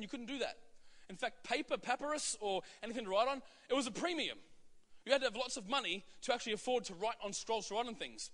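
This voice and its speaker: Male preacher, high and bright-toned, emphatic, posing rhetorical questions. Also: big-room sound. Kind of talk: sermon.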